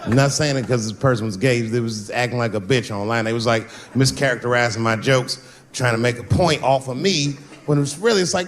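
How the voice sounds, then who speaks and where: A man performing a stand-up comedy set, telling profane stories with animated energy and acting out the characters. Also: mid-range voice, brisk, slight background noise. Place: stage before a live audience.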